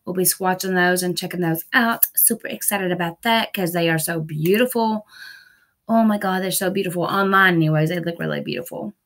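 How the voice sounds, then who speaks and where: A woman's voice: fairly low pitch, brisk, a bit bright. Gushing woman showing off nail haul. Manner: gushing, repeats words, frequent fillers. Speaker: nail art vlogger. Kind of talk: casual haul video chat. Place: busy home with TVs and dogs.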